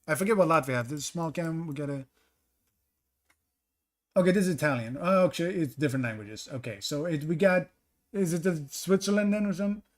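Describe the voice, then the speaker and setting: Brief: male streamer, slightly higher voice, casual running commentary, stops to greet chat by name. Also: fairly quick. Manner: thinks aloud, greets chat mid-sentence.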